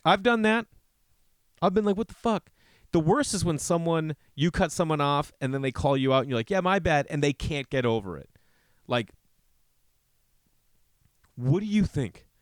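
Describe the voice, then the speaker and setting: In a dry recording, a podcast host speaks unhurriedly with long pauses. He spins rambling, swear-heavy comedic stories, and he animatedly acts out what others said in a higher voice.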